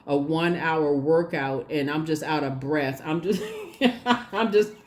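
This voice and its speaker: A woman giving a casual tarot reading, chatty and animated, laughing often and talking straight to her viewers. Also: low-pitched, a little slow. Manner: addresses viewers directly and casually. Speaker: tarot reader.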